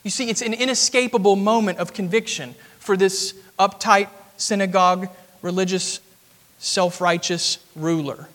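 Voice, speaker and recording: High-voiced preacher in an echoing sanctuary. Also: male voice, steady tone, moderate pace, fairly bright tone. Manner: earnest expository preaching, rising emphatic at climaxes. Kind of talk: sermon. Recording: long hall reverb.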